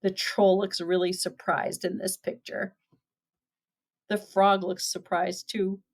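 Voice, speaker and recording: A woman teacher reading a picture book aloud to children, pausing to point out the pictures and explain words. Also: medium pitch, little pitch movement, vocal fry.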